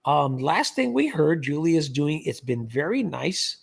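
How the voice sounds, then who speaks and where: A man's voice: on the high side, very animated, a little slow. A man hosting a casual livestream, reading viewer comments aloud and chatting about scam calls. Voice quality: gravelly, husky. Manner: chatty, reads comments aloud, laughs often. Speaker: livestream host, scam baiter.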